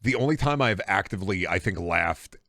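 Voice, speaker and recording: Young male streamer, rambling and profane; gravelly, bright voice, dry sound. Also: sits low, expressive, brisk, no room sound. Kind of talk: casual gaming stream chat.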